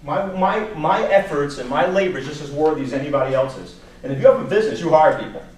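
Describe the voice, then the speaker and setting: A man, giving an animated talk at a staff workshop, telling stories and repeating words as he goes. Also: fairly high pitch, fast talker. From New York area. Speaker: job search presenter. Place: meeting room. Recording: echoey room from far off, faint noise.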